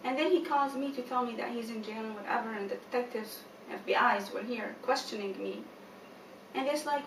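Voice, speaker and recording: A woman's voice: fairly high pitch, a little fast. A woman giving an earnest personal account in an interview, retelling conversations with many quoted lines. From United States. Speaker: mother of a jailed son, interviewee. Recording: echoey room, distant mic, noisy.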